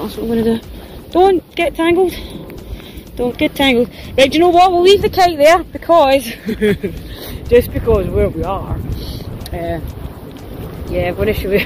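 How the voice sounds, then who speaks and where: A woman's voice: high-pitched, low-quality recording. A woman vlogging casually while out walking her dogs, chatty and self-mocking, laughing often, recorded on a phone outdoors. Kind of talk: casual outdoor vlog chat. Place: windy open hillside outdoors.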